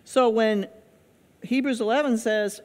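A woman's voice: fairly high pitch, steady tone, measured pace, darkish tone. A middle-aged woman pastor preaching a sermon in a conversational, emphatic way, with repeated phrases and questions to the congregation. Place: church sanctuary. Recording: long echo of a church hall.

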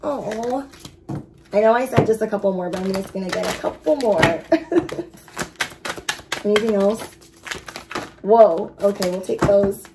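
A woman giving a casual tarot reading, chatty and excitable, speaking straight to her viewers. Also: medium pitch, measured pace, pauses often, background noise. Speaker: tarot reader.

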